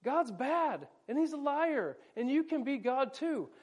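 A man's voice: very high-pitched, very animated, measured pace, pitched above the performer's own voice, full character voice. A man putting on a sly, wheedling serpent devil. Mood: sly coaxing. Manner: wheedling, persuasive.

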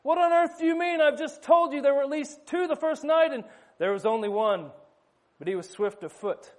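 Brief: man putting on a startled orphan boy in a storybook reading, pitched way up, loud and disbelieving. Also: normal speed. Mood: incredulous. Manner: high, loud, incredulous outbursts. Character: frightened, bewildered young orphan boy.

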